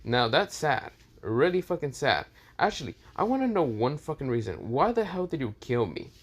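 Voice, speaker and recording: A man's voice: mid-range voice, sing-song, moderate pace, slightly rough, voice pushed up. A man doing a cocky, foul-mouthed teenage boy. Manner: swearing, mocking and flippant. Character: cocky, crude teenage boy hero, male.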